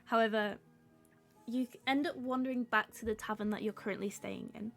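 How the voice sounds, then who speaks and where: A woman running a tabletop game as game master, narrating scenes in a relaxed, casual way. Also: a little high, a little fast, creaky, soft background music.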